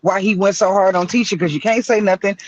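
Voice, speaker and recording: A woman's voice: medium pitch, fairly even intonation, quick pace, highs cut off, a loud crowd. A woman joining a live stream from her car in a drive-through line, giving blunt, profane opinions. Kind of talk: casual opinionated chat.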